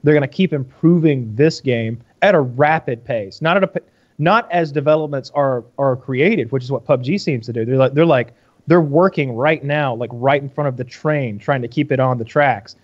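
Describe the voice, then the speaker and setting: A man's voice: medium pitch, normal speed. Rambling man on a dull lo-fi recording. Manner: rambling, profane, lots of restarts. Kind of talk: casual chat.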